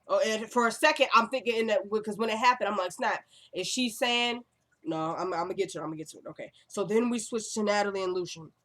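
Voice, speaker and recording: A woman talking to her own camera, recapping a TV episode in a chatty, excitable way full of asides. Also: medium pitch, very fast, hardly any pauses.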